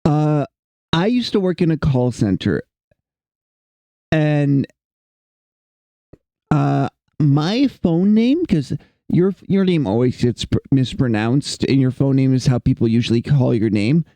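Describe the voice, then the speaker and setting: A man's voice: medium pitch, lively intonation, slow pace, long pauses, warm tone, dry recording. A young man streaming while he draws, chatting with viewers in a rambling, self-mocking, jokey way. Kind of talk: casual livestream chat while drawing.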